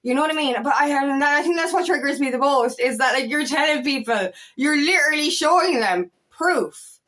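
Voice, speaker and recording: A woman's voice: high voice, expressive, normal speed, a bit bright. A woman coach giving a blunt, heated motivational talk, swearing often and leaning on fillers like "you know what I mean.". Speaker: empowerment coach. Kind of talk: casual motivational talk to camera.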